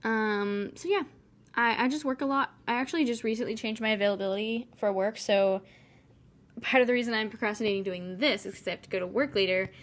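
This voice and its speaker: A woman's voice: on the high side, fast. Chatty young woman rambling in a voice-over. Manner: chatty, rambling, wry and sarcastic. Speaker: vlogger.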